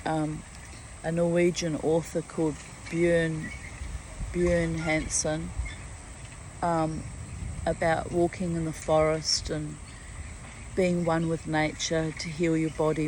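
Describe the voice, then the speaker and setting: A woman's voice: deep voice, noisy background. A woman with a New Zealand accent, chatting casually outdoors among trees and acting out dialogue. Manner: chatty storyteller, acts out dialogue, laughs often. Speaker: vlogger. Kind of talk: casual spoken diary.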